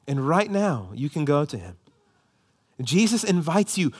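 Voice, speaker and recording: Pastor guy in his 30s preaching, kinda high voice, goes quiet then loud and urgent. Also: big pitch swings, measured pace, husky. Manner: impassioned, swings between soft asides and raised emphasis. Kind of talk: sermon.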